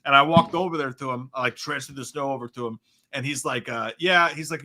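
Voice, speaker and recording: A man co-hosts a casual live stream. His voice is very bright and sharp, and he tells his anecdotes with energy, acting out the people he met. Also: medium pitch, fairly quick. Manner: animated storyteller who acts out the people in his stories. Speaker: podcast co-host.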